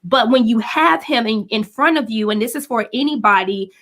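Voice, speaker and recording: A woman hosting a faith-based talk show, speaking in an animated and expressive way. She is the mother of a young son. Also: on the high side. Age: adult parent of a five-year-old. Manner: animated, expressive, quick to act out scenes.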